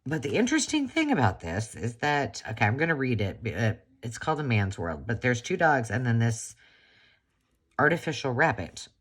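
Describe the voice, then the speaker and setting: A woman's voice: a bass voice, very animated, normal speed, breathy edge. A woman hosting a crafting channel, chatting casually and gushing as she unboxes a gift.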